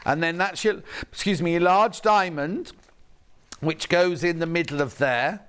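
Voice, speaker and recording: A man's voice: on the high side, unhurried, a bit bright, smooth. A man presenting live on a shopping channel, chatting as he points out each fabric and reads out viewer messages. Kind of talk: live TV sales demonstration. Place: TV studio.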